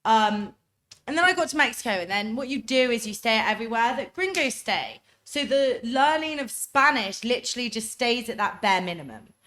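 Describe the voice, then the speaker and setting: A young woman from England with an English accent, telling travel stories on a casual podcast, loud and chatty. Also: a little high, animated, moderate pace. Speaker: podcast co-host. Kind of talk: casual chat, storytelling.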